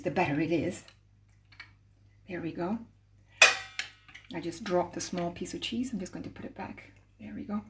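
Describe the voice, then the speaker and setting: A woman host teaching a cooking demonstration live, explaining each step patiently while she works with her hands. She sounds set back from the microphone in an echoey room, with a faint hum of ambience behind her. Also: fairly low pitch. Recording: roomy, distant mic with faint ambience.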